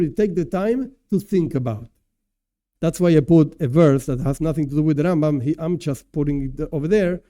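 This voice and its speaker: A man's voice: a little high, warm tone. A man teaching as a rabbi in a casual class with slides, talking loosely with many asides and repeated fillers, and chuckling at his own examples. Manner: casual and repetitive, peppered with "whatever" and "et cetera". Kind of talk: informal lecture with slides.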